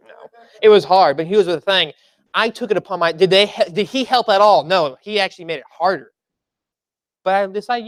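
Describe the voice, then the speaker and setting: Preacher at a church service, mid-pitched, talks through the sermon like a story and leans on repeated lines; dry, close recording. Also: a little fast, no room sound. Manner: conversational storytelling, emphatic repeated phrases.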